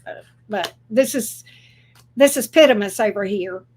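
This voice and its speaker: A woman giving a casual tarot reading who talks in a chatty, excitable way and swears freely. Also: mid-range voice, measured pace, breathy edge. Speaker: tarot reader.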